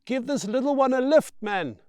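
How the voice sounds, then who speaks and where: A man voicing a friendly, warm-hearted truck driver who calls out excitedly. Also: sits high, normal speed, dry recording, studio quality, voice pushed up. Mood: excited, encouraging. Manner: excited calling out.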